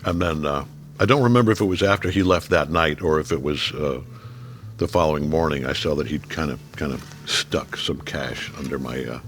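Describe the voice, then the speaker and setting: A man in his seventies chatting over a meal, telling relaxed stories that drop low and quiet when he reflects. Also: brisk. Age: 70s. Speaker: guest. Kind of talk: casual chat over a meal.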